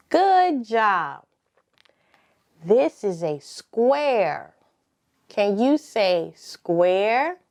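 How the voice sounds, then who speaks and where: Woman, preschool teacher, circle time; high, bouncy, very slow call-and-response delivery. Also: a little mellow. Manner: slow, drawn-out prompting with call-and-response pauses; sing-song, encouraging. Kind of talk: circle time lesson for toddlers.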